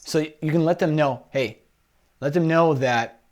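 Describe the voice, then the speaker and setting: A man's voice: fairly high pitch, measured pace. A man coaching a client for a job interview, encouraging him and giving advice with frequent "right?" check-ins.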